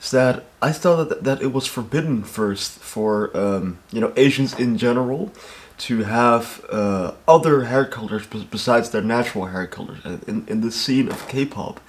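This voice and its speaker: A man hosting a reaction video, talking casually in a halting way with many fillers. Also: medium pitch. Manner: halting, full of fillers and restarts. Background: music from the reacted video.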